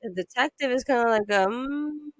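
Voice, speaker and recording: A woman's voice: on the high side, normal speed, low-quality recording. A woman giving playful, chatty let's-play commentary on a game, reading text aloud and humming to herself. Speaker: gamer.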